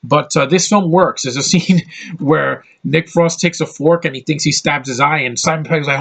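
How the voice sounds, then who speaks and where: A man's voice: fairly high pitch, moderate pace, gravelly, a bit bright, slightly rough. An American man giving a casual, rambling film review, blunt and opinionated, swearing freely and restarting his sentences often. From United States. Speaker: movie reviewer.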